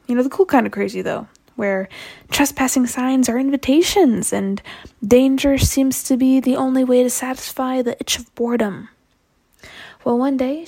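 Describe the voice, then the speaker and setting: A young woman with a fairly high voice tells a story she sent in to a podcast. She talks in a chatty, self-mocking way, like she is recounting a wild teenage adventure to a friend. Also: dark tone. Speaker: listener telling a story to a podcast. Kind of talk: casual storytelling.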